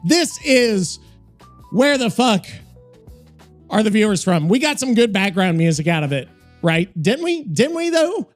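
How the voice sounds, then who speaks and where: A man's voice: high voice, sing-song, measured pace, pauses often. A man hosting a podcast, weary and rambling, cursing often in casual chat. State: tired. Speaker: podcast host. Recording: music playing behind the voice.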